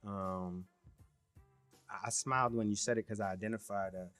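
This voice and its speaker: Bright-voiced man chatting reflectively. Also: lowish voice, fairly even intonation, moderate pace, soft background music. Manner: reflective, asks "right?" and "you know what I mean?". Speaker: podcast co-host. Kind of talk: casual chat.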